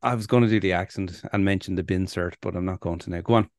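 A man with an Irish accent, co-hosting a casual podcast chat in an animated way, swearing and laughing often. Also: low-pitched, quick pace, no echo, clean studio sound. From Ireland. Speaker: podcast co-host.

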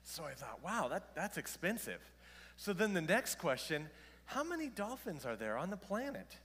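A man in his thirties preaching a sermon as pastor, animated and self-deprecating, joking with the congregation. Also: high-pitched, moderate pace, slightly rough. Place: church sanctuary. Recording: long reverb of a church hall.

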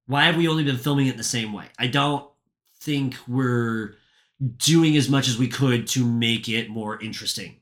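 A man's voice: mid-range voice, moderate pace, a bit bright. A man talking bluntly in a casual podcast chat, swearing freely and pressing his point.

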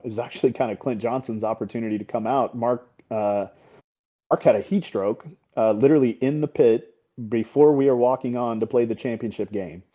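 Blunt man with a very dark voice. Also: medium pitch. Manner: candid and blunt, swears freely, tag questions. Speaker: paintball team coach, podcast guest. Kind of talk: casual interview talk. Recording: slightly dull podcast audio.

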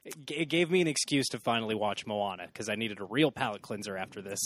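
A man's voice: fairly low pitch, fast. A man co-hosting a podcast, chatting casually and sarcastically about a bad movie. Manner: animated, sarcastic, mock-shouts at characters. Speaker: podcast co-host. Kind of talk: casual movie review chat.

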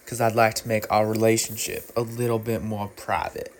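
A man's voice: fairly low pitch, flat delivery, normal speed, a little hiss or hum, close to an everyday voice. A man voicing a sleazy fart delivering a pickup line in a smarmy, flirtatious way.

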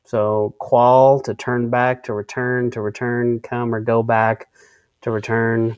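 A man's voice: medium pitch, little pitch movement, takes it slowly, darkish tone, clean tone, no room sound. A man co-hosting a casual Bible-study discussion, often restarting his sentences and reading out word definitions. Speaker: co-host of a faith discussion.

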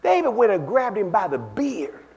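Animated preacher with a high lively voice. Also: male voice, normal speed, vocal fry, slightly rough, muffled recording. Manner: animated, swings from low asides to shouted peaks; folksy, conversational preaching with call-and-response asides. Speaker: pastor. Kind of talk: sermon.

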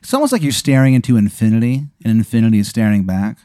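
A man's voice: lowish voice, fast talker, mellow, dry recording, studio quality. A man hosting and running an improvised story game, talking in a laid-back, rambling way with lots of "like" and casual swearing. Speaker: host and game master. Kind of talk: improvised tabletop-style storytelling.

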